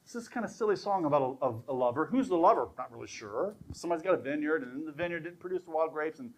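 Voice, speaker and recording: A man preaching a sermon, telling a story in an animated way, often restarting and repeating words. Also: medium pitch, fast talker.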